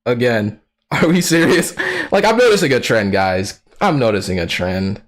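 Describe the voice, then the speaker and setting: Streamer, casual live commentary, laughs constantly, very lively pitch, profane slang. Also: moderate pace. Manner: laughs often, excitable outbursts.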